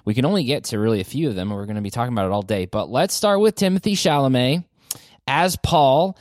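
Animated man hosting a movie chat. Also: fast talker, no echo, clean studio sound. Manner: animated, pitch jumps up when excited. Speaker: podcast host.

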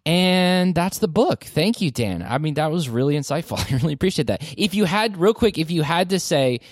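Animated man hosting a movie chat. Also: brisk, dry recording, clean studio sound. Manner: animated, pitch jumps up when excited. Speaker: podcast host.

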